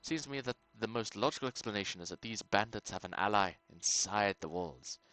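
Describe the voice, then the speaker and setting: A man voicing a worried townsman from a game who persuades a stranger to rescue his brother, in a put-on accent and a measured, coaxing manner. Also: on the low side, lively intonation, pushed and bright, poor audio. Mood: persuasive. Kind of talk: reading game dialogue aloud.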